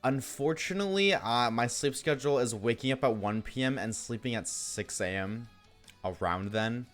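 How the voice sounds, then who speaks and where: A man's voice: medium pitch, moderate pace, fairly bright tone, soft background music. Tired, yawning male streamer. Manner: rambling, jokey, talks to chat. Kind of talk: casual live-stream chat while gaming.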